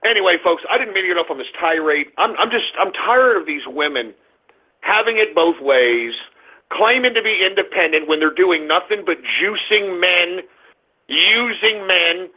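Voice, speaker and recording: A middle-aged man hosting a radio show, ranting angrily and often breaking into shouts. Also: high voice, expressive, moderate pace. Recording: tinny phone-like audio.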